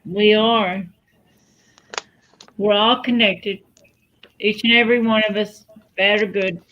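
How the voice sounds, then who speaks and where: Slow-speaking affectionate woman, muffled. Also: medium pitch, fairly even intonation, a little hiss or hum. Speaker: panelist. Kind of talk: casual chat.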